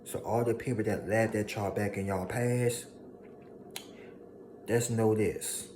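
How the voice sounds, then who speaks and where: Preachy deep-voiced man with steady noise. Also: slow pace. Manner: preachy, emphatic, repeats lines for effect, mocking voices of haters. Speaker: motivational speaker. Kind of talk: motivational monologue to viewers.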